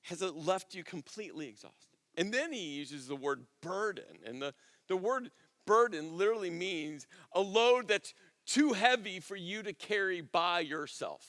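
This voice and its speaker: A man with a high, light voice preaches to his congregation in a conversational way. He often repeats words and sinks to a near-hush on the phrases that matter most. His voice rings out through a church hall with a long echo. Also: lively intonation, normal speed. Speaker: pastor. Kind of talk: sermon.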